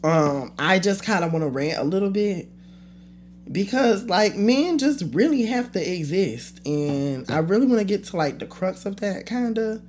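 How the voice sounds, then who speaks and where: A woman's voice: medium pitch, normal speed, slight background noise. Blunt, profane woman ranting on a podcast. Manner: blunt, profane, animated, trails off and restarts. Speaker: podcast host. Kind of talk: casual solo rant.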